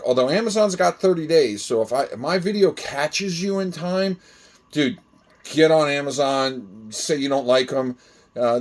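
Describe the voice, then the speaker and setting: Man of average pitch, chatty hobbyist host, loose and rambling with lots of ums and uhs. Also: a little mellow. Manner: rambling, filler-heavy, friendly. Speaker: hobby grower demonstrating gutter parts. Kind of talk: casual how-to video talk.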